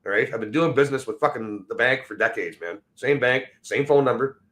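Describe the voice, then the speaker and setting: A man's voice: mid-range voice, brisk, fairly bright tone. A middle-aged man who mumbles and slurs his words, hosting a livestream and ranting at his chat with constant swearing. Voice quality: mumbling, slurred diction. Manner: crude, swearing, combative toward chat. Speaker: livestream host. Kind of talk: profane casual rant.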